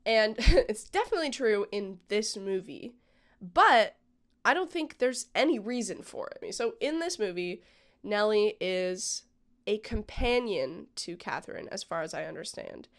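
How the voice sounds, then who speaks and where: A woman's voice: medium pitch, animated, a little slow. A woman vlogger talking casually and with strong opinions, with lots of "like" and "um". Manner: opinionated, chatty, frequent "like" and "um". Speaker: vlogger reviewing a film. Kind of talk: casual chat.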